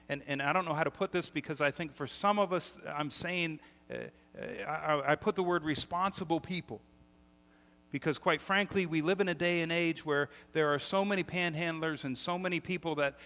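A middle-aged man preaching a sermon as pastor, telling stories with lively energy and often repeating words as he starts sentences. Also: a little high. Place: church sanctuary. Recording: long hall reverb.

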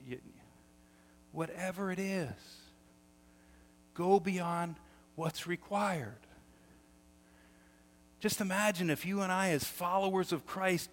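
A middle-aged man preaching a sermon as pastor, telling stories with lively energy and often repeating words as he starts sentences. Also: fairly high pitch. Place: church sanctuary. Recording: long hall reverb.

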